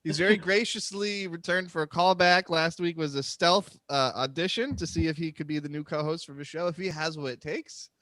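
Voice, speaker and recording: A man's voice: on the high side, brisk, few pauses, pushed and bright, no room sound. A man hosting a live comedy podcast, joking and sarcastic, often trailing off into mumbles. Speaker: podcast host.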